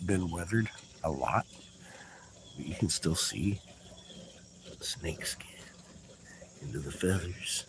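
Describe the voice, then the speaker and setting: A man's voice: deep voice, lively intonation, measured pace, long pauses, noisy background. A man giving a rambling vlog monologue outdoors, swearing often and sounding agitated as he exclaims. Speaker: vlogger. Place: outdoors in a yard.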